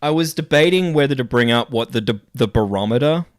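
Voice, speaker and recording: Dude hosting a stream, crude and sweary, laughs a lot, dry close mic. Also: male voice, medium pitch, animated, brisk, dry recording. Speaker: podcast host. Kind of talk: casual chat.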